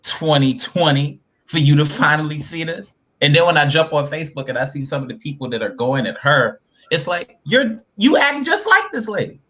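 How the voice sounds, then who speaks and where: A man co-hosting a casual podcast chat, animated and profane, laughing often and acting out quotes. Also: a little high, brisk, hardly any pauses. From New York. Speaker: podcast co-host.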